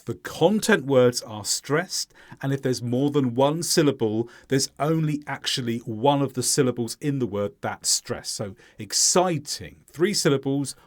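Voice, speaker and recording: A man teaching an English pronunciation lesson, clearly and deliberately modeling stressed words for learners to repeat. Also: mid-range voice.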